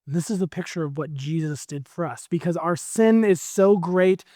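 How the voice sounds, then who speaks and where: A male pastor with an American accent, preaching a sermon in a conversational, animated storytelling way. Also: fairly high pitch, moderate pace, no echo, clean studio sound.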